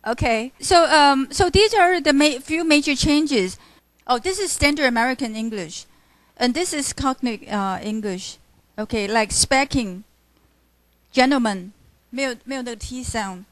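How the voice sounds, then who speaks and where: A female literature teacher, giving a classroom lecture in a halting style full of fillers and self-corrections. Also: high voice, a bit bright, no room sound. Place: university classroom.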